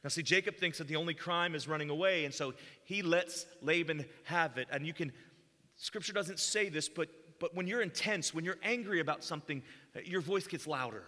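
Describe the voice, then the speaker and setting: A man's voice: fairly high pitch, brisk, sharp tone. A man preaching a sermon, walking through a Bible passage and voicing the quoted speech with rising intensity. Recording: long hall reverb.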